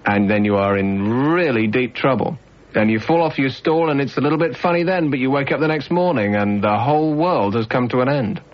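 A man's voice: mid-range voice, fairly quick. A man hosting a late-night radio phone-in, joking and teasing his callers in casual banter over a studio microphone. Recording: slightly dull radio broadcast sound.

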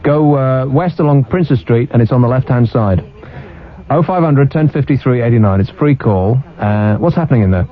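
A man's voice: mid-range voice, expressive, moderate pace, soft background music. A male radio host runs a late-night phone-in with cheeky, teasing banter, and his voice swoops up and down as he jokes. The studio mic gives him a dull broadcast sound. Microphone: studio microphone.

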